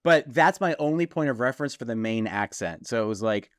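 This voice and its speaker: Man, podcast co-host, mid pitch, chatty and laughing, dry close sound. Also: expressive, fairly quick, no echo. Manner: chatty and tangent-prone, laughs a lot. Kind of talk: casual conversation.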